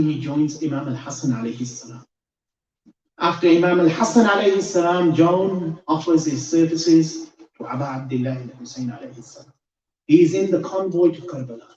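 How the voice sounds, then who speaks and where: A man's voice: a little high, warm tone. A man preaching a sermon, telling a story with rising emotion in a large hall. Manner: emotional, building intensity. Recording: echoey hall, distant dull mic.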